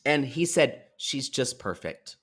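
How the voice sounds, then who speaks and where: A man co-hosting a podcast, recapping a reality TV episode in gossipy, animated casual chat and speaking to listeners as y'all. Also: mid-range voice, takes it slowly. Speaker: podcast co-host.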